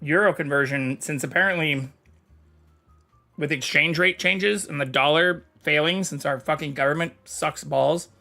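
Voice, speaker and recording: A man's voice: a little high, moderate pace, vocal fry, bright, forceful tone, faint music behind. A man chatting casually on a live stream, reading chat aloud and swearing freely. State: talking with mouth full.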